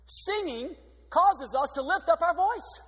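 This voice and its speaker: A man preaching a sermon in an energetic, exuberant way, with sudden swings in pitch. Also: a little slow. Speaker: pastor. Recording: long hall reverb.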